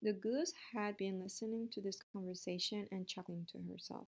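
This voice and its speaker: A woman reading a children's storybook aloud in a steady, even manner. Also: medium pitch, moderate pace. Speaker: narrator.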